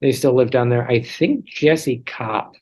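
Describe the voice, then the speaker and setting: A man's voice: mid-range voice, unhurried, darkish tone, breathy edge, low-quality recording. A man in his thirties, a guest telling stories in a chatty, self-deprecating way with many restarts, heard over a video call. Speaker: interview guest.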